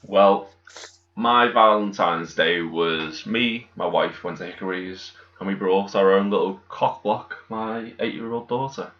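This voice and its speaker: A man's voice: low voice, unhurried, a bit bright. A man, co-hosting a podcast in jokey, casual banter. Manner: jokey, does silly voices. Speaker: podcast co-host. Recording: echoey, dull-sounding room.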